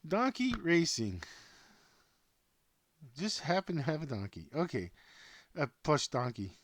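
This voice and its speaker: A man's voice: on the high side, huge pitch swings, unhurried, fairly bright tone. A man hosting a home-made sports news show, rambling off script at his laptop, chatting to himself and his plush toys. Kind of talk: casual off-script commentary.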